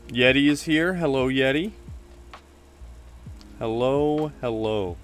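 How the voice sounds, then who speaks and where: A male streamer chats casually with his viewers, greeting them and joking about himself while reading a game aloud. He speaks slowly at a medium pitch.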